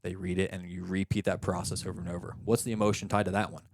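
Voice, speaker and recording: A man with a very low voice talks through a coaching exercise step by step, acting out the questions he asks clients. The sound is dry and close, with no room echo. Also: fast talker. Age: young adult or middle-aged, a father of young kids. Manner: explaining in a steady teaching way, often acting out example questions. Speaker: coach and podcast host. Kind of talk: coaching session chat.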